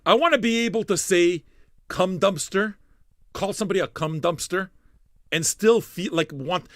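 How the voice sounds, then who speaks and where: Guy hosting a record stream, cussing a lot, voice jumping all over, super dry close mic. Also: dry recording. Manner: profane, rambling, joking with the chat; animated, suddenly loud, then low and mumbling. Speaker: streaming radio DJ host. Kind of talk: casual live-stream chat.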